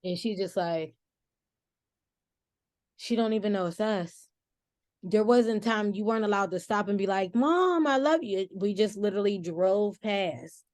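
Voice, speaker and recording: A woman in her forties speaking as a podcast guest, telling a family story in a casual, expressive way with frequent restarts and self-corrections. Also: medium pitch, a little slow, long pauses, dry recording, clean studio sound.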